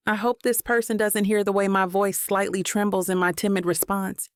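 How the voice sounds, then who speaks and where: Gravelly-voiced woman narrating a romance audiobook. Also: medium pitch, steady tone, normal speed, over music. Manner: intimate, reflective first-person telling.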